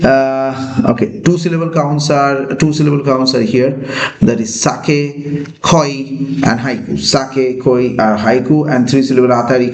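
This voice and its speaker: A man teaching a lesson, talking with many pauses and fillers. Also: medium pitch, a little mellow. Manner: slow, hesitant, many fillers. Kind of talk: classroom lecture. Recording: echoey room.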